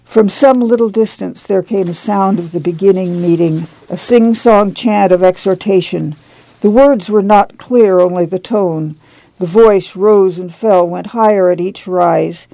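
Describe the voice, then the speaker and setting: A reader narrating a novel in a measured, even storytelling manner. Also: mid-range voice, gravelly, no room sound, poor audio. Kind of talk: audiobook reading of a novel.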